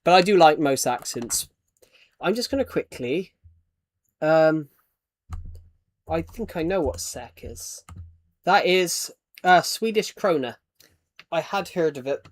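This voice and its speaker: A man's voice: fairly high pitch, lively intonation, slow, long pauses. Young British man streaming a game. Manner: chatty, thanks donors, trails off in restarts. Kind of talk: casual live-stream chat.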